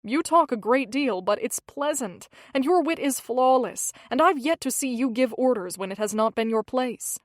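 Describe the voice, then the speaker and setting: A woman voicing a gentle young dentist. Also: sits high, animated, normal speed, few pauses, dry recording, clean studio sound. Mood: earnest. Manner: sincere and gentle. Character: quiet, earnest young male dentist.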